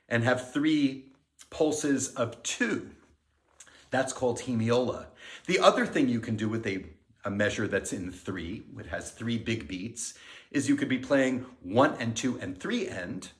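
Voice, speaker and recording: A middle-aged man, a music director, giving a pre-concert talk and explaining the music in an unhurried, friendly lecturing way. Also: mid-range voice, expressive. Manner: explanatory, counts beats aloud and sings themes. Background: piano.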